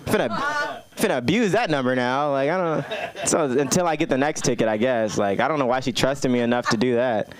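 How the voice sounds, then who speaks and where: A man's voice: a little fast, crowd noise. A man doing a casual, profane stand-up set on a comedy club stage and hosting the open mic. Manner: casual, profane, acts out phone calls in high voices. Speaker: stand-up comic and host.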